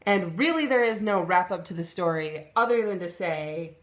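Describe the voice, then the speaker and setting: A young woman telling a comic story on her vlog, talking in an animated, exasperated rant. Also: fairly low pitch, normal speed. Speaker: vlogger. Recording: roomy echo.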